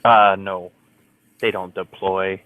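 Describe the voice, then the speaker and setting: A man co-hosting a podcast in casual chat, laid-back but quick to push back and argue his point. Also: sits low, flat delivery, phone-quality sound, slight background noise.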